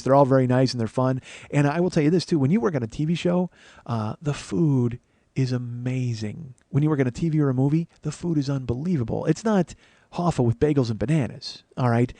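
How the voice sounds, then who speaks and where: A comedian podcast host tells a long comic story by himself, rambling, profane, and mocking himself throughout. His voice is a little high and mellow, with no echo.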